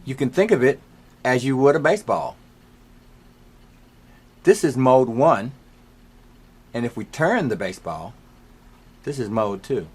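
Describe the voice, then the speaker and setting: Slow, patient male music teacher. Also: medium pitch, sing-song, darkish tone, slightly rough. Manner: slow, patient step-by-step explaining. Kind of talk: piano lesson explanation. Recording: faint piano playing behind.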